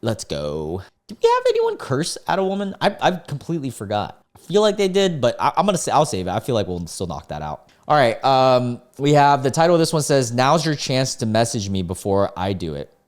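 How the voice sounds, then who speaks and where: A young man hosting a casual commentary reads online posts aloud and reacts with incredulous, sarcastic remarks full of filler words. His medium-pitched voice swings hugely in pitch, and he talks briskly with few pauses.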